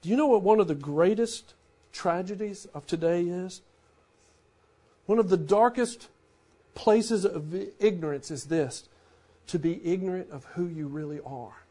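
A man in his forties preaches a sermon with a fairly high-pitched voice. He keeps it conversational and drops to a hush to drive a point home. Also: a little slow. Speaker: pastor.

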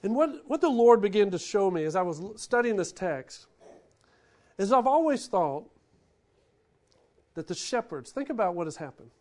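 A man preaching a sermon, who swings between loud, animated bursts and hushed, quiet lines. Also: high-pitched, normal speed, pauses often. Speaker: pastor.

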